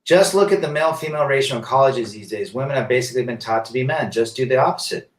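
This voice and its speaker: Animated and fast-talking, this medium-pitched man hosts a casual stream where he reads chat comments out and answers them emphatically, often rhetorically. He's set well back from the mic in a room with noticeable echo.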